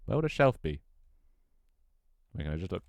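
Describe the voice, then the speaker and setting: A man's voice: low-pitched, very animated, moderate pace, gravelly, dry recording, studio quality. A man thinking aloud on a livestream as he builds a game level, muttering to himself, swearing often, joking with his chat, and his voice cracks now and then. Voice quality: voice cracks at times.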